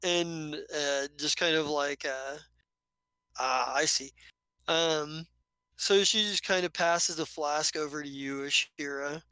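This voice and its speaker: Rambling game master narrator; bright, forceful tone, dry close mic. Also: medium pitch, fairly even intonation, unhurried, smooth, no echo. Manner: rambling, loose, lots of fillers.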